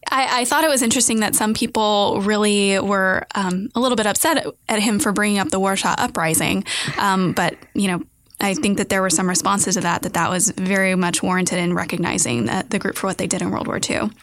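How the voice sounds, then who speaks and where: Woman cohost, chatty, throws questions to her cohost, medium pitch. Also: brisk, fairly bright tone. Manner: conversational, prompting questions. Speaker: podcast co-host. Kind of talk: political talk show chat.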